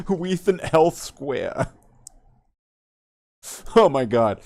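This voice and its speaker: A man hosting a podcast in casual chat, rambling and joking, swearing freely. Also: on the high side. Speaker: podcast host.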